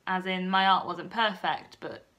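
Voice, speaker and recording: A woman in her twenties, talking softly and a bit nervously in a personal vlog. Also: fairly low pitch, fairly even intonation, unhurried. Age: 20s. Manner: soft-spoken and nervous, often hushed. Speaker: vlogger.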